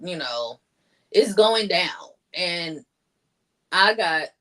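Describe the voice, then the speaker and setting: A woman's voice: on the low side, animated, very slow, fairly bright tone. A woman telling her own story as a guest, chatty, with many "like" fillers, raising her voice when she acts out what others said. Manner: chatty, acts out quoted lines in a raised voice; heavy use of "like" fillers. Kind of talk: personal storytelling.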